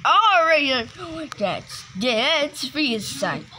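A woman giving excitable, casual gameplay commentary, exclaiming and repeating her words. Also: high-pitched, extremely slow, slight background noise, low-quality recording. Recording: game music playing behind.

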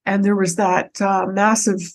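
A woman guest on a podcast, telling a personal story in an animated way, with frequent restarts and repeated words. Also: mid-range voice, a little slow, low-quality recording. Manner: animated, breaks into her own quoted speech.

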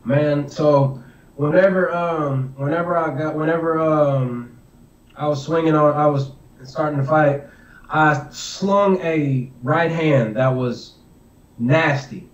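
A man's voice: a little high, takes it slowly. A young man, an MMA fighter, telling a fight story in an interview with lots of fillers and acted inner thoughts. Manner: animated, filler-heavy retelling with acted inner voice. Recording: distant, roomy, dull audio.

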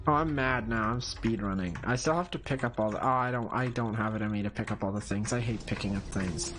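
A man streaming a video game with casual commentary, excitable, swearing often and yelling when frustrated. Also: lowish voice, fairly quick, soft background music.

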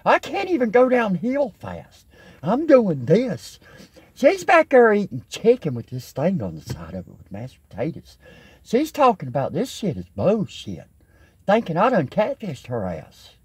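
A man's voice: high-pitched, huge pitch swings, measured pace, darkish tone, slightly rough, no room sound. A man with a Southern US accent delivering an exasperated, rambling comic rant. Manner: exasperated, rambling, swears and repeats itself. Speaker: comedian.

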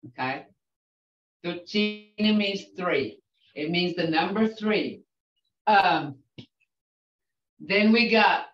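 Slow, patient older woman teaching syllables. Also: medium pitch, lively intonation, fairly bright tone. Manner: slow, patient, repeats sounds and words. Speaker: language teacher. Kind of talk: language class, drilling syllables. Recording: roomy, distant, dull lo-fi sound.

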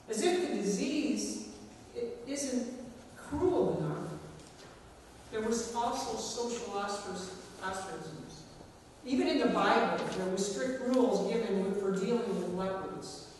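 Slow, echoey woman preaching a sermon. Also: medium pitch, a little mellow, a little hiss or hum. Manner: measured, dramatic sermon delivery with slow emphatic pauses. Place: large church sanctuary. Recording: echoey church hall, recorded from far off.

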